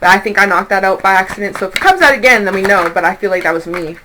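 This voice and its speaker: A young woman giving a casual tarot reading, animated and profane, slipping into quoted voices as she talks. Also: medium pitch, fast, a little hiss or hum, poor audio. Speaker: tarot reader.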